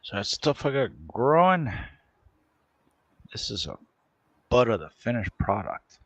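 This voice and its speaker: A man's voice: mid-range voice, very animated, unhurried, a bit bright, no room sound. A man chatting casually in an easygoing way. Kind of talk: casual chat.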